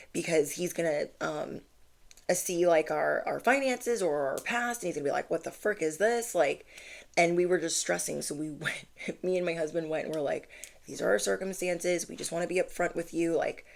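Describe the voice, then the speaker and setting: A woman's voice: sits low, gravelly. A woman giving a channeled energy reading, talking earnestly and reassuringly to her viewers, rambling with fillers as she shares personal stories. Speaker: spiritual reader.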